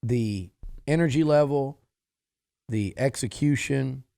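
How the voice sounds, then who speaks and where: A man's voice: medium pitch, slow, creaky, mellow, no room sound. A man co-hosting sports radio, breaking down a game with emphatic, restarting speech. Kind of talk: sports talk analysis.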